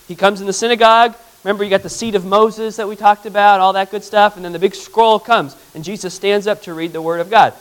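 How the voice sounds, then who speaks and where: A pastor gives a conversational, interactive Bible teaching, asking his congregation questions and slowly reading Scripture aloud. His voice sits high with a fairly bright tone, and the recording is rough.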